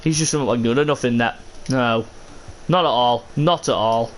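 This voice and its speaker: Frustrated streamer, man, calls his own game with sudden shouts; light background hiss. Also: medium pitch, moderate pace. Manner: frustrated, exasperated, bursts into shouts. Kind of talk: live game commentary.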